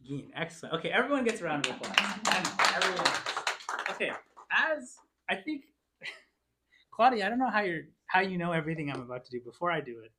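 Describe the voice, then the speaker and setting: A man teaching a church class, encouraging his students and sounding out words slowly. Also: high voice, very animated, very noisy.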